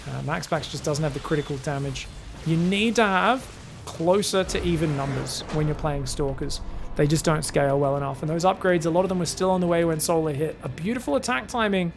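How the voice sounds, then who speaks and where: Faint music sits behind this fairly high, gravelly male voice, which moves at a fairly quick clip. He's a solo live game caster who rambles chattily and talks to his chat.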